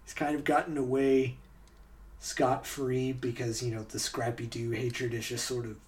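Man, podcast host, casual chat, chatty and laughing, mid-pitched voice, a little away from the mic. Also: flat delivery, normal speed, far from the mic. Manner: chatty, laughs often, many fillers and restarts.

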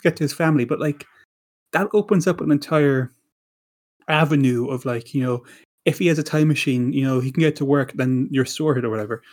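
Casting: male podcast co-host, fairly high voice, rambling, stop-start chat. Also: a little mellow. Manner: rambling, many restarts and repeated words. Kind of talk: casual chat.

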